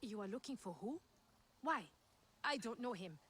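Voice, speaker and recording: A woman's voice: on the high side, animated, moderate pace, fairly bright tone, a little hiss or hum. An actress playing an evasive female market trader in a video game who answers questions defensively in an odd accent.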